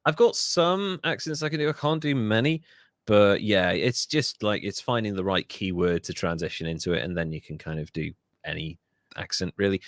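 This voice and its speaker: A man's voice: on the low side, normal speed, no room sound. Welsh man telling a story, dry close sound. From Wales. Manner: reads a story aloud with asides and self-corrections. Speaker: podcast host. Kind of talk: casual storytelling podcast.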